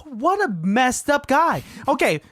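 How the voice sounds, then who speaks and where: Lively podcast co-host, dry sound. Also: sits high, slow pace, dry recording. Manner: animated, swears freely, jokey. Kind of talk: casual chat.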